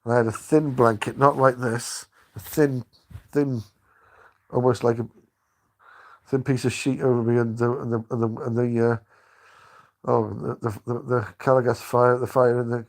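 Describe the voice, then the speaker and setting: An older man rambles through memories on a live stream, stopping and restarting his sentences. His voice stays low-key and flat, with little rise or fall. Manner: rambling, halting, many restarts. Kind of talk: casual live-stream chat.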